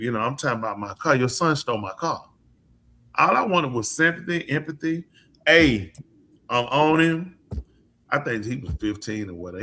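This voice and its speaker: A man with a low, bright and forceful voice, chatting as the host of a live talk show. He is a preacher who spins stories with energy and slips into the voices of the people in them. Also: slight background noise. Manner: lively storyteller who acts out quoted voices. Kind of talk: casual storytelling chat.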